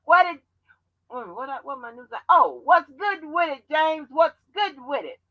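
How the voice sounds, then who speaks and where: A woman hosting a livestream, talking bluntly and profanely in animated commentary. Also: high voice, unhurried, no echo, lo-fi sound. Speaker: channel host.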